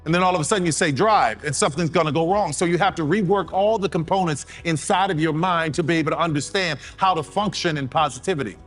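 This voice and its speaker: A man's voice: on the high side, fast, few pauses, a bit bright, soft background music. A man giving a motivational speech in a storytelling, sermon-like way, repeating key words for emphasis. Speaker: motivational speaker.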